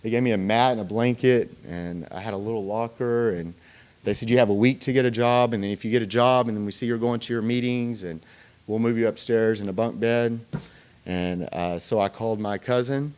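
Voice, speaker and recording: A man's voice: fairly low pitch, steady tone, a little mellow, clean tone. A man telling his recovery story to a meeting in a loose, conversational way. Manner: conversational storytelling, many fillers and pauses. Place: meeting room.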